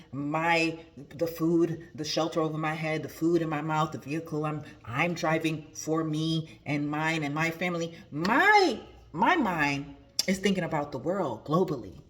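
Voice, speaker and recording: A woman's voice: sits low, fairly bright tone. A woman hosting a motivational talk as a spiritual coach, emphatic and preachy, repeating her key phrases.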